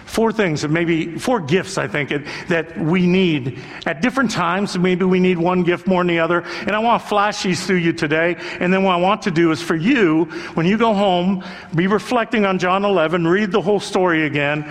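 An older male pastor delivers a sermon in an earnest, conversational way, leaning on repetition for emphasis. His voice sits high for a man. It rings out with a long reverb, as in a big hall. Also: normal speed, hardly any pauses.

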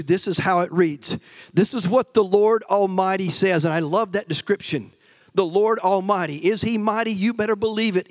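A male pastor preaching a sermon with emphatic, energetic delivery and playful asides to the congregation. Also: high voice, no room sound.

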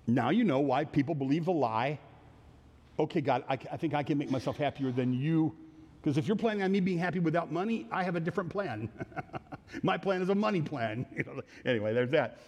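A man's voice: on the high side, lively intonation, fairly quick, a little mellow, long reverb tail. A man preaching a sermon verse by verse, earnest, often repeating phrases and restarting his sentences. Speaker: pastor. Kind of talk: sermon teaching through a psalm.

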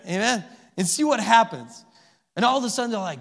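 Male pastor, high voice, chatty sermon style, echoey church hall. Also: very animated, fairly quick. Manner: conversational preaching with frequent "amen?" and "okay?" checks. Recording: reverberant hall.

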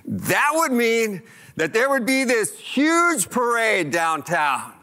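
Animated bright-voiced male pastor. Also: very high voice, slow pace. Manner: animated, conversational, asks the congregation questions. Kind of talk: sermon.

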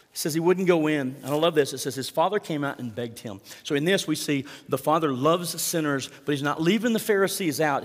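A man's voice: fairly high pitch, in a large hall. A man preaching a sermon in a conversational way, asking the congregation rhetorical questions. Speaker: pastor.

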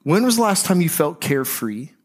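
A man preaching a sermon as pastor, speaking conversationally and slowing and softening on key phrases. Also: on the high side, very animated, husky.

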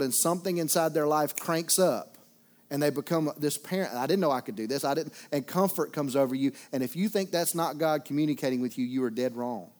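High-voiced preacher man. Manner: folksy and humorous, swings from loud preaching to quiet asides. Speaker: pastor. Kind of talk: sermon.

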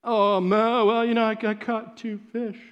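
A man's voice: high voice, level tone, a little slow, a bit bright, smooth, muffled recording. A man doing a shrugging, offhand fisherman. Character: laid-back young fisherman, unbothered.

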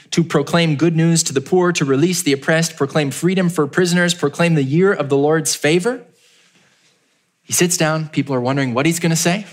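A man delivers a sermon as a pastor, narrating the story and voicing the townspeople loudly. He then sinks into a low, hushed tone to drive his point home.

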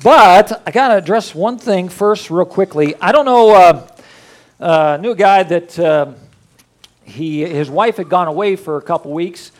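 A man with grandchildren, a pastor preaching in a folksy, rambling, joking way, with quiet prayers between the talk. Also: sits high, unhurried. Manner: folksy, rambling, jokey storytelling. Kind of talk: casual sermon with prayer.

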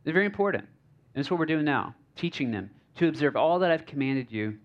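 A man preaching as a pastor in a relaxed, conversational sermon from a church stage. He jokes, uses many fillers and keeps checking in with the crowd. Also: on the high side, brisk, dull audio. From United States.

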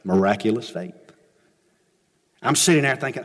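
A man preaching an earnest sermon as pastor, rising to emphatic questions and dropping low, ending with an altar call. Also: expressive, normal speed. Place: church sanctuary. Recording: long hall reverb. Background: music.

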